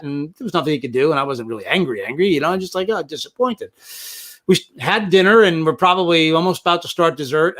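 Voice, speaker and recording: An older man hosting an interview, telling stories at length with lively enthusiasm. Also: a little high. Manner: rambling storyteller, enthusiastic. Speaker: interview host. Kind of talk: casual interview talk.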